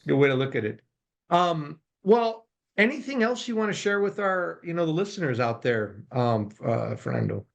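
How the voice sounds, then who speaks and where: A man's voice: fairly high pitch, animated, normal speed, creaky. A man hosting a podcast, casual and upbeat, tagging his points with "right?". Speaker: podcast host. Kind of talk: podcast interview.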